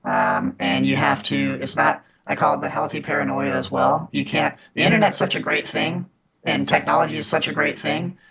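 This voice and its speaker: A man's voice: mid-range voice, normal speed, gravelly, dull audio, over a noisy crowd. A man guest on a podcast, earnestly telling stories of fighting scammers, often restarting his sentences. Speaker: podcast guest, scam baiter. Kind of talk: casual interview storytelling.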